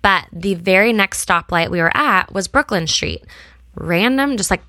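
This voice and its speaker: A woman's voice: medium pitch, lively intonation, normal speed, pushed and bright, dry recording. A young woman from the United States tells her own story to viewers in an earnest, emotional way, close to tears at times as a small brand founder. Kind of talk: personal story to camera.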